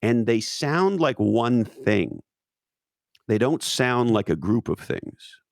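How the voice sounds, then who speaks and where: A man's voice: medium pitch, very animated, slow, creaky, no room sound, studio quality. A man talking casually as an interview guest, emphatic and profane, with many restarts.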